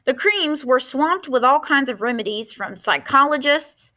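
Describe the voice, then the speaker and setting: A woman's voice: high-pitched, animated, measured pace, bright, forceful tone. A woman teacher reading a picture book aloud, expressively, stopping to explain words.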